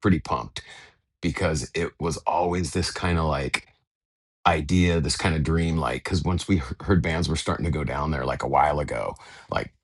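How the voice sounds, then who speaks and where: An American man, a touring band's bassist, chatting casually in an interview from a hotel room, relaxed and rambling with lots of fillers. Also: normal speed, slightly rough, no room sound. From United States. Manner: relaxed, rambling, many fillers and retold dialogue.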